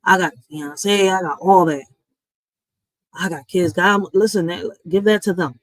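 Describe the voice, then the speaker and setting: A woman's voice: lowish voice, unhurried, dry recording, rough recording. Blunt, heated woman streamer. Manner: blunt and heated, swearing, with sudden loud and quiet swings; talks straight to viewers, often with "listen" and "y'all". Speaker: reaction streamer. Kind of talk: casual emphatic rant to a live chat.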